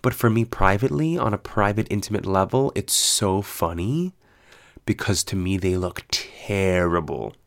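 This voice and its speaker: A man with a slightly low voice chats on his own, telling stories with lively, foul-mouthed energy. He laughs often and leans hard into his punchlines. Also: normal speed. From United States. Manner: animated, profane storytelling with frequent laughs. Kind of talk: casual solo chat.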